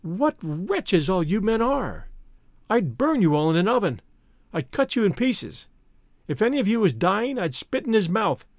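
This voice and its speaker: A man's voice: high voice, no room sound, clean studio sound, exaggerated voice. A man reading the part of a battered young servant woman, bitter yet tender, in a whining, lamenting tone. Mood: scornful cursing. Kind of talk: audiobook character reading.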